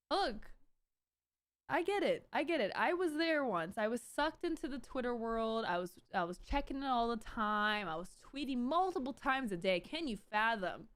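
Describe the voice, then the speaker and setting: A woman in her thirties streaming live, talking casually in a rambling, animated way with many restarts and bursts of exasperation. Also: a little high, moderate pace, no room sound. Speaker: Twitch streamer hosting her own stream. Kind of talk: casual livestream commentary.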